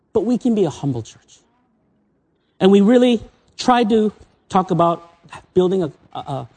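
A man with a husky, breathy voice delivers a sermon, telling personal stories with open feeling. He jumps from bright, excited peaks down to quiet, almost whispered moments. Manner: emotional, swinging between excited highs and soft low asides. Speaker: visiting preacher. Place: church.

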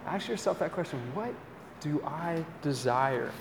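A young man giving a conversational campus sermon, telling a lively personal story and often asking "right?". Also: fairly high pitch, a little slow, creaky, reverberant, big-room sound, slight background noise. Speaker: campus ministry speaker.

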